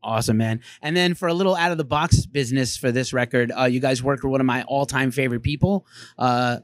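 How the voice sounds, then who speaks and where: A man interviews a musician casually and praises the music with a fan's enthusiasm. His pitch is ordinary and middle. The sound is dry and close. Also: fast, no echo. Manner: enthusiastic fan, effusive praise.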